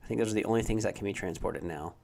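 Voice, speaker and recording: A young man hosting a live stream, chatting casually and answering viewers' questions in a relaxed, rambling way with many fillers. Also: lowish voice, rapid-fire, creaky. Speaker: livestream host answering chat questions. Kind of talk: casual live chat about a tabletop wargame.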